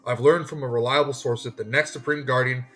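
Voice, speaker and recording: A man reading the lines of a scheming, fast-selling woman property agent from a game in his own everyday voice. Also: mid-range voice, fairly even intonation, fairly bright tone, faint music behind, lightly acted. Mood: salesy. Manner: plain read-aloud, no put-on voice.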